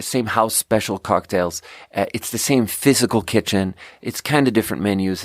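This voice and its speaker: A man hosting a podcast, telling a long story about his restaurant work in a casual, animated way with lots of filler words. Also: no echo, clean studio sound. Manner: animated, acts out quoted voices with big pitch jumps; frequent fillers like "like" and "you know". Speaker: podcast host; restaurant server.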